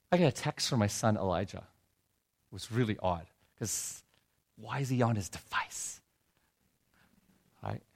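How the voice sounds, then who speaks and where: A middle-aged man telling a heartfelt personal story in a sermon, his voice dropping low and soft when he is moved. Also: creaky. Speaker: preacher. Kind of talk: sermon testimony.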